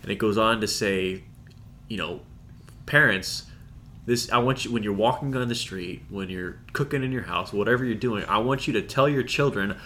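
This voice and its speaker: A man's voice: on the low side, moderate pace, a bit bright, slight background noise. A man co-hosting a casual theology podcast, talking earnestly and reflectively. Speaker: podcast co-host. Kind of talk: casual chat.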